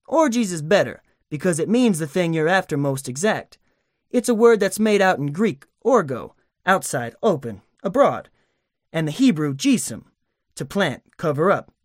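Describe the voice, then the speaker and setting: A man's voice: fairly high pitch, no echo, studio quality. A man voicing a pompous, long-winded old male con man in an audiobook, speaking in a grandiose, unctuous way. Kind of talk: audiobook character voice.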